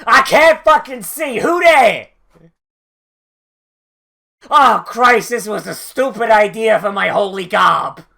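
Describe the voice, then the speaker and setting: A YouTuber mocking a blindfolded woman cleric in a shrill, flustered voice during an anime reaction video. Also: expressive, slow, vocal fry, pauses often, sharp tone, full character voice.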